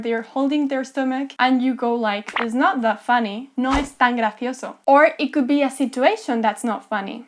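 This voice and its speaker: A young woman teaching in a playful, animated way and acting out examples. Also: fairly high pitch, a little hiss or hum. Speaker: language teacher. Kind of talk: casual explainer lesson.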